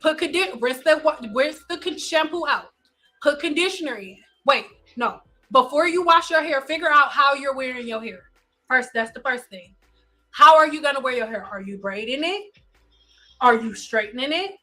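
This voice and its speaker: A woman hairstylist runs a live advice stream in a high, bright voice. She is blunt and insistent and keeps firing the same pointed questions until they land. Faint music plays softly behind her. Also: lively intonation, moderate pace.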